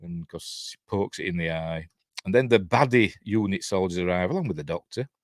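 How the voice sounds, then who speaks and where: This is a channel host, an older man with a Yorkshire accent, doing a loose, rambling watch-along review punctuated by frequent chuckles. His low voice is animated and a little fast, in a dry studio-quality recording.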